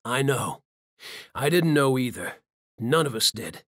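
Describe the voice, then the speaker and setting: A hot-tempered male warrior guardian, voiced by a male audiobook narrator, blunt and forceful. The voice sits a touch above the narrator's own, dry and close. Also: medium pitch, animated, unhurried, dry recording. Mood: tender. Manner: forceful, swearing. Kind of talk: audiobook character voice.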